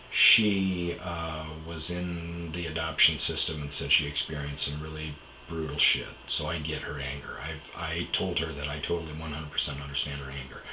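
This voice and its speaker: Blunt, deep-voiced storyteller, a man. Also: little pitch movement, moderate pace, pushed and bright, roomy sound, slight background noise, rough recording. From Wisconsin. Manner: blunt, profane, candid. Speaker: podcast host. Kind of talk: storytelling monologue.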